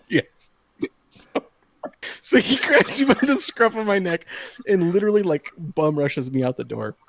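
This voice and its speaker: A man's voice: high voice, animated, a little slow, pauses often, dry recording. A man in his thirties telling a long story to friends in a casual chat, laughing often and acting out the people he quotes. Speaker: podcast host.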